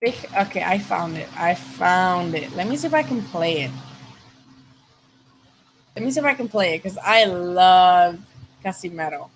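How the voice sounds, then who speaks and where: A woman in her twenties hosting a casual boxing livestream, animated and swearing freely as she thinks aloud. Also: on the low side, moderate pace, pauses often, slight background noise, low-quality recording. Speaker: boxing show host.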